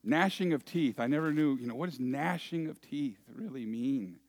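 A man preaching a sermon as pastor, deliberate and asking his congregation rhetorical questions. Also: mid-range voice.

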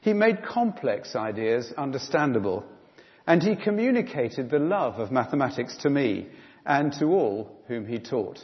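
A man preaching a sermon in church, emphatic and animated, with frequent fillers. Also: mid-range voice, a little slow. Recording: dull sound in a reverberant hall.

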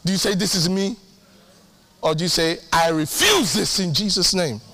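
A man preaching a sermon as pastor, emphatic and animated, repeating key lines and acting out his own prayers with humor. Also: high-pitched, moderate pace.

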